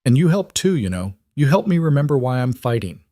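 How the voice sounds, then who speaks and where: A man voicing a tender, weary widowed mother in a western story, speaking softly. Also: medium pitch, big pitch swings, brisk, no room sound, clean studio sound, pitched above the performer's own voice, natural voice.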